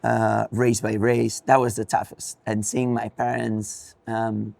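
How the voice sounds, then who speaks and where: A man's voice: on the low side, flat delivery, slow, vocal fry, a little mellow, dry recording. A young man with a Spanish accent, a racing driver, answering interview questions thoughtfully with frequent ums and restarts.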